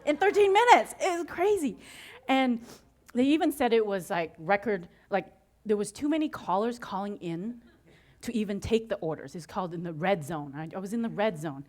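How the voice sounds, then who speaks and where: A woman giving an inspirational talk to an audience, telling her story with frequent laughter and acting out her own excited reactions. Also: medium pitch, moderate pace. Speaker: motivational speaker.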